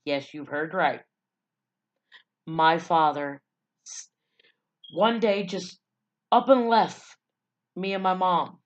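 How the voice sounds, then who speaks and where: A woman's voice: lowish voice, slow pace, pauses often, muffled recording. A woman vlogger telling her life story in a loose, casual way, blunt and profane, with lots of fillers.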